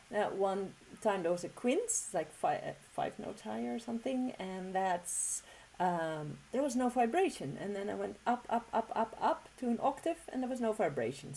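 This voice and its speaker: A woman giving a relaxed, encouraging music lesson, talking casually with frequent fillers and restarts. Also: medium pitch, low-quality recording. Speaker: didgeridoo teacher.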